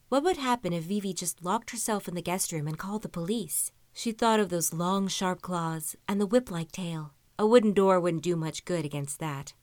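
A woman narrating a story in an even, measured reading voice. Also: on the low side, dry recording. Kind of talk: audiobook-style story reading.

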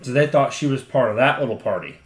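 A man's voice: medium pitch, fast, roomy sound. A man with an Ohio accent, a podcast co-host telling a long story in casual, profane chat and laughing often.

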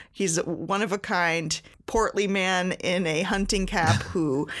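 A woman co-hosting a casual book-chat podcast, chatty and quick to laugh. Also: fairly low pitch, a bit bright. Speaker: podcast co-host.

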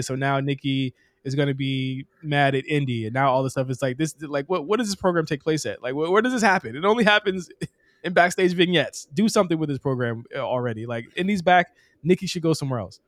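A young man riffs on wrestling with a co-host, animated, profane and quick to laugh. His voice sits a little high. It is recorded close and dry, with no room sound. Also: dry recording. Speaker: podcast co-host. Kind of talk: casual wrestling chat.

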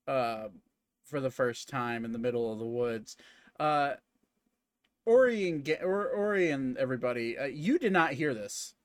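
A man narrating as game master of a tabletop game in a casual, halting way with many fillers. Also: a little high, no room sound, clean studio sound.

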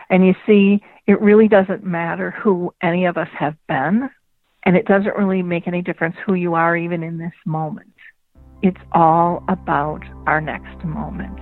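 A woman, a dementia advocate, telling a parable with measured, drawn-out phrasing over a phone line. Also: lowish voice, steady tone, no echo. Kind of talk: storytelling parable. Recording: dry tinny phone-line sound.

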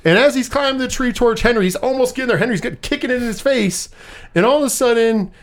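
A man co-hosting a podcast, casually recapping a movie in animated style, swearing freely and acting out the characters' lines. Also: very high-pitched, quick pace. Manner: animated, swears often, acts out quotes.

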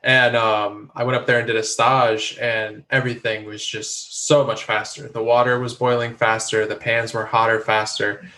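A man hosting a casual interview, asking questions and sharing an anecdote in a steady way. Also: medium pitch, normal speed, few pauses, rough recording.

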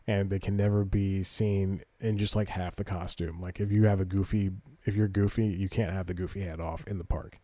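Low, dark-voiced man rambling on the news. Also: dry recording. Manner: rambling, self-correcting, reads news aloud with asides. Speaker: podcast host. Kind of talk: casual news commentary.

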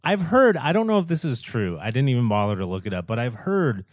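A man's voice: medium pitch, very animated, a little fast, dry recording, studio quality. Laughing man in a movie chat. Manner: laughs often, conversational. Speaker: podcast co-host. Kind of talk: casual movie review chat.

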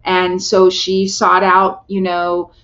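A woman's voice: fairly low pitch, monotone, slow pace, a bit bright, lo-fi sound. A middle-aged woman telling a personal story as a podcast guest, earnest and heartfelt, often restarting her sentences.

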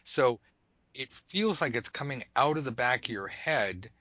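A man explains his tarot routine in a loose, joking ramble full of animated asides, as if chatting with friends at a table. His voice is bright and forceful. The sound is dry and close, with almost no room around it. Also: medium pitch, measured pace, no echo, dull audio. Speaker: tarot reader teaching a method. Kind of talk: casual spoken demonstration.

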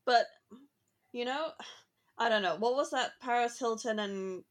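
Woman from hong kong cohosting, chatty and expressive. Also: on the high side, measured pace. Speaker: podcast co-host. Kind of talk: casual chat. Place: London.

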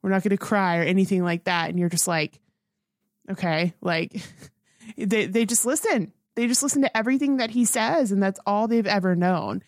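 A woman co-hosts a film review podcast, chatting casually in an earnest, rambling style full of restarts. Her mid-range voice moves at a normal speed. The studio-quality audio has no room sound.

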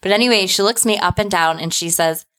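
A woman's voice: mid-range voice, fairly quick, a bit bright. A woman telling a personal anecdote in a casual, chatty way, often adding "like" and "right?". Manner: chatty, tags lines with "like" and "right?". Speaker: storyteller.

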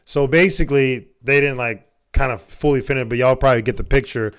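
A man co-hosting a podcast reads his notes aloud in an easygoing, unpolished way. He trips over words now and then and swears freely between the facts. His voice sits at an ordinary middle pitch. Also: steady tone, fairly quick, smooth. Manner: stumbles while reading, swears casually. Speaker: podcast co-host. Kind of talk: casual podcast chat, reading notes aloud.

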